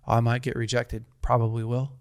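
A man's voice: medium pitch, level tone, normal speed, clean tone, no room sound, clean studio sound. A man in his thirties telling a personal story in casual conversation, earnest and rambling, with frequent restarts.

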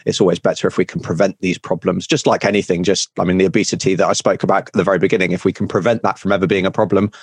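A man's voice: low-pitched, little pitch movement, very fast, few pauses, slightly rough, no echo. A man hosting a podcast conversation, agreeing often and steering with questions. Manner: agreeable, frequent yeahs, leading questions. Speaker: podcast host.

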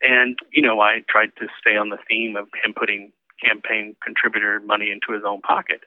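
Dude remembering old campaign stuff on a phone call, flat low voice, uh's and you knows. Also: male voice, brisk, no room sound. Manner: conversational, with fillers. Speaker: former campaign manager. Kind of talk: interview recollection. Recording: tinny phone line.

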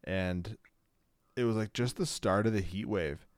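A man's voice: on the low side, measured pace, no room sound, studio quality. A man co-hosting a casual chat, rambling with lots of "like" and restarts.

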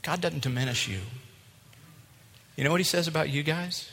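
A middle-aged male pastor preaching a sermon with a mic, swinging between loud passion and hushed tones. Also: on the high side, normal speed, gravelly, pauses often. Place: church. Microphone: wearing a mic. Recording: long reverb of a large hall.

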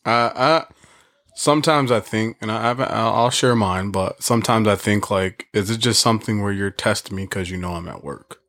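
A man in a casual conversation who asks questions and thinks out loud in an easygoing, reflective way. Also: fairly low pitch. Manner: easygoing, reflective, quick to laugh along. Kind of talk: casual chat.

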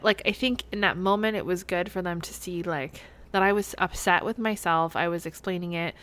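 A woman's voice: medium pitch, a bit bright. A woman in her thirties hosting a solo podcast, talking candidly and chattily with many fillers. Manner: candid, chatty, heavy use of "like". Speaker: podcast host. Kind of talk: solo podcast confessional chat.

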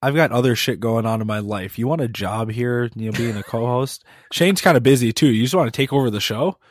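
A man co-hosting a podcast, joking with quick comebacks. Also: mid-range voice, no room sound, clean studio sound. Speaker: podcast co-host. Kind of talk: casual podcast chat.

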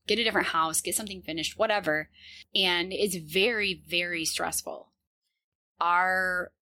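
A woman's voice: lowish voice, bright, forceful tone, dry recording, studio quality. A woman in her thirties telling a personal story with many fillers and restarts. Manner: hesitant, lots of fillers and restarts.

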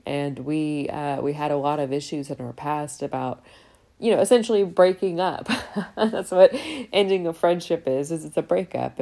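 Woman, 30s, low voice, mellow, podcast host, candid casual monologue, outspoken. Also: gravelly. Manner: candid and talkative, swears freely.

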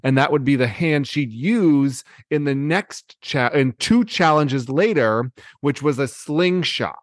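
A man co-hosting a casual chat, telling a story excitedly with many fillers and restarts. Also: medium pitch, slow, no room sound, studio quality.

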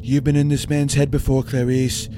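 A man putting on a rough impression of a boastful male president, stumbling over his words. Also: medium pitch, flat delivery, normal speed, music in the background, pitched above the performer's own voice, natural voice. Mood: earnest.

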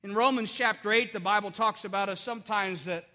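High-voiced pastor preaching in a hall. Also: male voice, a little fast, bright, forceful tone. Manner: earnest, conversational with frequent restarts and fillers. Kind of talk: sermon. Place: church sanctuary. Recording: long hall reverb.

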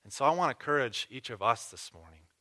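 A man's voice: medium pitch, expressive, quick pace, sharp tone. A male pastor preaching earnestly, telling a story and closing in prayer. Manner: earnest, with fillers and restarts. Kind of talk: sermon ending in prayer.

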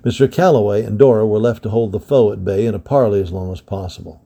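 Gravelly man reading an adventure story. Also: lowish voice. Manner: steady, measured narration with voiced dialogue. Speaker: storybook reader. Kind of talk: reading a historical adventure novel aloud.

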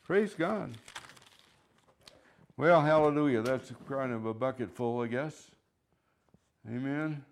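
A man's voice: mid-range voice, slow, pauses often. Fervent man preaching a sermon. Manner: fervent, rising and falling in loudness, chuckles between points; repeats phrases for emphasis.

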